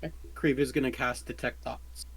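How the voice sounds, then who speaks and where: A man's voice: medium pitch, steady tone, fairly quick, a bit bright, slight background noise. A man playing a tabletop game, plainly describing what his character does. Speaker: player. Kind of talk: casual tabletop role-play.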